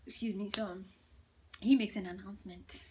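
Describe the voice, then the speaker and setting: A woman tells a storytime vlog at home, in a hushed, half-whispered, gossipy way. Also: medium pitch, steady tone, normal speed, noisy background. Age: 30s. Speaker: vlogger. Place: indoors at home.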